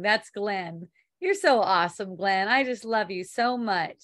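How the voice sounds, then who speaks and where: A woman's voice: medium pitch, measured pace, fairly bright tone. A woman giving an online spiritual talk, rambling loosely, laughing often, swearing casually and reading viewer comments aloud.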